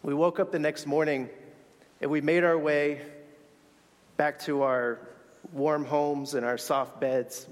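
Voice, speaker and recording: A man's voice: fairly high pitch, flat delivery, slow, pauses often, in a large hall. A man telling a personal story in a sermon, earnest and reflective, sometimes restarting his words. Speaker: speaker sharing a faith story.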